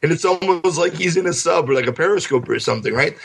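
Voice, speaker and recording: A man rambles through casual podcast anecdotes, dropping in acted-out quotes and lots of fillers. His voice is a touch high with a gravelly fry. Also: expressive, fast talker, low-quality recording. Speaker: podcast guest. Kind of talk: casual chat.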